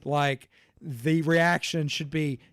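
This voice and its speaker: Laughing, higher-voiced male podcast host. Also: steady tone, slow, a bit bright, no room sound. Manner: laughs often, restarts and trails off mid-thought. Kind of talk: casual political chat.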